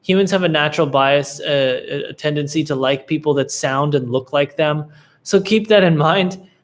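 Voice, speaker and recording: A man's voice: fairly high pitch, moderate pace. A laid-back young man hosting a live Q&A, giving casual business advice with lots of fillers and restarts. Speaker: livestream Q&A host, agency coach.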